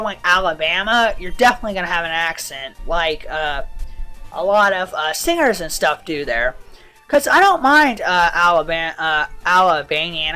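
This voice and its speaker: A woman's voice: lowish voice, bright, forceful tone. A woman from the Southern United States giving casual, rambling commentary over a video game playthrough, drifting off on tangents. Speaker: let's player.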